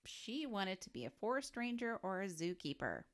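A woman's voice: mid-range voice, big pitch swings, normal speed. A woman co-hosting a podcast, talking casually through a life story and joking between facts. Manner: chatty, laughs often, quips between facts. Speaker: podcast co-host.

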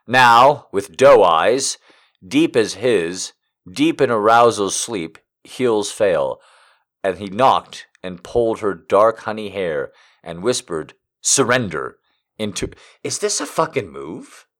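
A man's voice: fairly low pitch, expressive, slow pace, fairly bright tone. Laughing man reading erotic poems aloud. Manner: laughing, incredulous asides between lines. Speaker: comedic reader.

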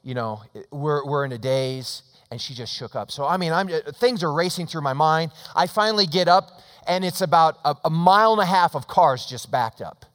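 A middle-aged man preaching in a church, his voice carried by a long, ringing reverb. He tells his story with dramatic swings, rising to loud emphasis and then falling to a hushed, close tone. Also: fairly high pitch, moderate pace, few pauses. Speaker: pastor. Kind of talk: sermon. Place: church sanctuary.

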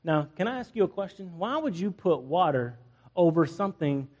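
Man, pastor, sermon, high voice, unhurried, humorous, church hall reverb. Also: dull audio. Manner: animated, humorous, laughs often.

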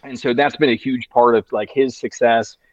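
A man in his thirties chats his way through a story, looping back on himself and leaning on "you know" at every turn. His voice sits at an ordinary middle pitch. The sound is dry and a bit dull, with no room around it. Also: fairly even intonation, moderate pace, dry recording. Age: 30s. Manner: rambling, heavy use of "you know" fillers and restarts. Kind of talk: casual storytelling chat.

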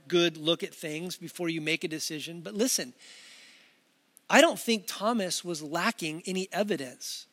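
A pastor delivering a conversational sermon, acting out quoted voices with lively emphasis. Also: male voice, sits high, long reverb tail.

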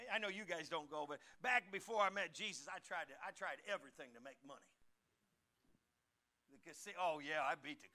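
High, bright-voiced folksy preacher man. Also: lively intonation, brisk. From United States. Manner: folksy preaching, rising to emphatic calls for the congregation to repeat. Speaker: pastor. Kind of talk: sermon.

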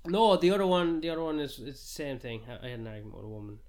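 A man's voice: mid-range voice, steady tone, rapid-fire, darkish tone. Ranting sweary Englishman. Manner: ranting, sweary, jokingly outrageous. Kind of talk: casual chat.

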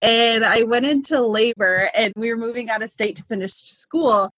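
A woman in her thirties talks as a guest in a relaxed interview. Her voice is a little husky and breathy, recorded dry and close. She rambles warmly with frequent "like" fillers. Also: on the high side, moderate pace, no echo. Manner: chatty, laughs between thoughts, many "like" fillers. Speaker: midwife and business consultant.

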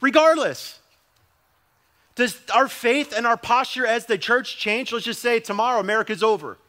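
A man's voice: very high voice, fairly quick, pushed and bright. A young adult male pastor preaching a sermon in a conversational way, with emphatic repetition.

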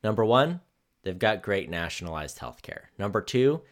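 Male comedy podcast co-host, deep and animated, quick mock voices. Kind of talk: casual comedic banter.

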